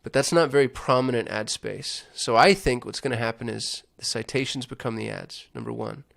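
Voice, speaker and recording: Man, gravelly voice, casual screen-share walkthrough, thinks aloud, chatty asides. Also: mid-range voice, a little fast, fairly bright tone. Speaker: digital marketing host.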